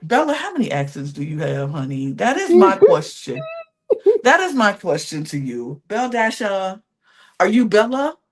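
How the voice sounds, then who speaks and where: A woman co-hosts a podcast with a mid-range voice, neither high nor low. She recaps reality TV in a sassy, animated, casual way. She laughs often as she talks. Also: normal speed. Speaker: podcast co-host.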